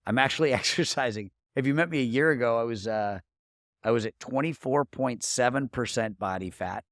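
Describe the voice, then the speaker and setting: A middle-aged man with a mid-range voice speaks briskly in a clean studio recording with no echo. A marketing coach guesting on a podcast, he shares personal stories in casual interview talk, earnest and full of restarts.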